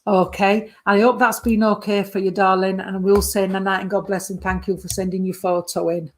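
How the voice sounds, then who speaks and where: A woman's voice: medium pitch, flat delivery, moderate pace. A woman, giving a medium's reading from a photo and calling the sitter sweetheart and darling. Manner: warm endearments, calls the sitter sweetheart and darling.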